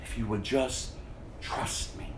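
A man preaching a sermon to his congregation, impassioned, swinging from hushed to loud. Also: slow pace, slight background noise. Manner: addresses the congregation directly. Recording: echoey room.

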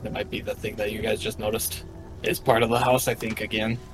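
A man's voice: fairly low pitch, flat delivery, brisk, noisy background. A man playing a tabletop game, rambling anxiously in character. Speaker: player. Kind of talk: tabletop role-play.

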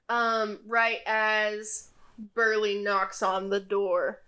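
A young woman narrating a tabletop game as game master, in a relaxed way with many fillers. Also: mid-range voice, takes it slowly.

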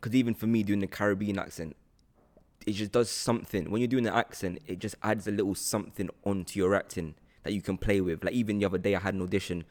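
A man's voice: fairly low pitch, fairly even intonation, fast, darkish tone. A man hosting a podcast interview, friendly and rambling, laughing often. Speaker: podcast host.

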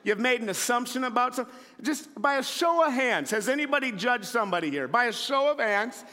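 A man in his thirties preaching a sermon in a church, telling stories and acting out shouted scenes. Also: very high voice, fairly quick. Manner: animated storyteller, acts out shouting scenes. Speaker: pastor. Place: church sanctuary. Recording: long hall reverb.

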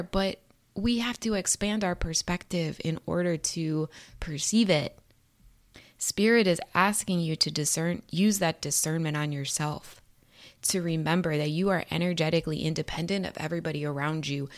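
A woman with a slightly low voice gives a spiritual tarot and astrology reading straight to her viewers. She is earnest and encouraging, and she mixes in casual swearing and street slang. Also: moderate pace.

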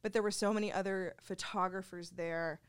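A woman's voice: lowish voice, steady tone, brisk, smooth. A woman who is a photographer, a guest on a podcast, talking candidly and earnestly with little laughs between thoughts. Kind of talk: casual podcast conversation.

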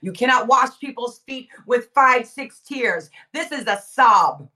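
A woman preaching with fervor, repeating phrases for emphasis and rising to shouts. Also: on the high side, lively intonation, unhurried, distant mic. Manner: fervent, emphatic repetition, swells to shouting. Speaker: guest preacher. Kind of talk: impassioned preaching.

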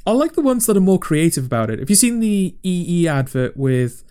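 A man's voice: high voice, sing-song, brisk, dark tone, clear, resonant tone. A man co-hosting a casual podcast, talking in a rambling, chatty, self-mocking way. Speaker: podcast co-host.

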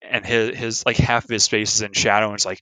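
A man's voice: fairly low pitch, little pitch movement, fast, sharp tone, no room sound, rough recording. A man co-hosting a casual movie discussion, rambling with many filler words. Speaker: podcast co-host.

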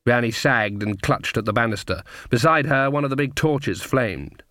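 Man, audiobook narrator, even measured reading, dry close sound. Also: mid-range voice, no echo. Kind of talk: scripted narration.

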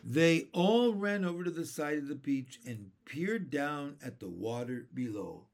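Man, storybook read-aloud, expressive, lively pitch, slow. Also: vocal fry. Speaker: reader.

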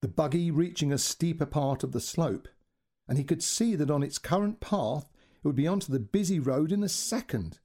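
A man reading a short story aloud as a storyteller, with dramatic, expressive delivery. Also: a little high, normal speed.

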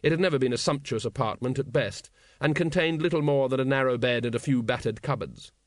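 A male narrator reading an audiobook in a measured, dry way. His voice sits at a middle pitch, recorded close in a dead-sounding space. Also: dry recording.

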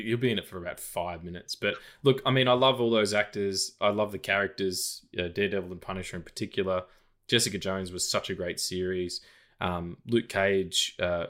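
Rambling podcast co-host. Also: male voice, low voice, a bit bright. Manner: rambling, many fillers and restarts. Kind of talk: casual film podcast chat.

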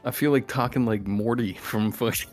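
Very deep-voiced wry woman. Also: normal speed, a little mellow, soft background music. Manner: swearing, self-mocking, wry. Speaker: podcast co-host. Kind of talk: casual chat, party game.

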